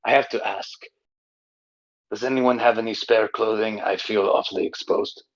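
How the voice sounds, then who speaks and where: A man's voice: fairly low pitch, fairly even intonation, normal speed, lightly acted. A man voicing a proud green mountain strider who speaks with stiff, formal politeness in a tabletop game. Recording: dull lo-fi mic.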